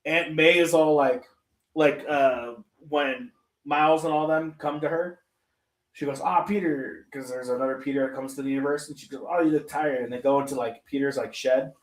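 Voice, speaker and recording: A man's voice: medium pitch, fairly even intonation, normal speed. Profane, rambling man in an echoey room. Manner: profane, rambling storyteller, acts out quotes. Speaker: podcast co-host. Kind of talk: casual chat. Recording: roomy echo.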